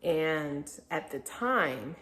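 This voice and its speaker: A woman's voice: sits low, expressive, extremely slow, fairly bright tone. A young woman vlogger telling a personal story in a candid, reflective way, now and then laughing through hard memories. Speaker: vlogger, mother. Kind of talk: casual personal storytelling to camera.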